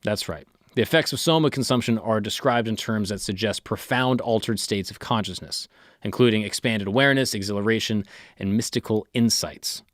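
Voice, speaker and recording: Low-voiced joking man, dry sound. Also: a little fast, no room sound. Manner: irreverent, joking asides between reading. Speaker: podcast host. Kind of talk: comedic history podcast.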